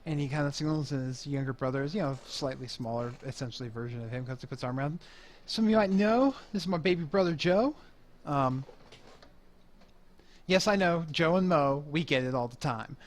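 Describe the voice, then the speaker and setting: A touchy nightclub owner, played by a man at the table, all showman bluster on the surface. He gets prickly and fast-talking when questioned about his brothers. His voice sits a little high. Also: natural voice.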